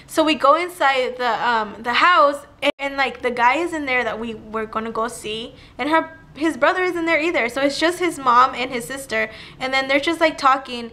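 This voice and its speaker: A young woman telling a personal story to camera in a chatty, animated way, with "like" all through her talk. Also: high voice, moderate pace, few pauses. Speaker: vlogger. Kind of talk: casual storytime.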